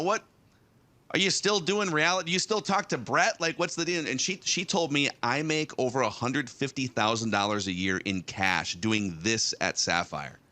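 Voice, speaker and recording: Bright-voiced man telling a story. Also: medium pitch. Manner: rambling, with frequent restarts and fillers. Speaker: guest. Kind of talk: casual storytelling on a talk show.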